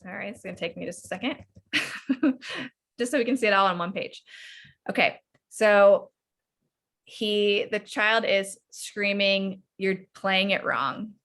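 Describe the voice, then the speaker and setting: A woman coach teaching parents over a video call, her voice bright and forward. She talks in an animated way and acts out little exchanges between parent and child. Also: medium pitch, unhurried, pauses often. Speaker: parenting coach leading a workshop. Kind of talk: online workshop teaching.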